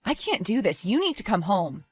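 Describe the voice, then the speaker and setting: A woman voicing an anxious young woman babysitting her boyfriend's daughter, pleading and quick to raise her voice in an animated story. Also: medium pitch, breathy edge. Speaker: stepmother-to-be left babysitting.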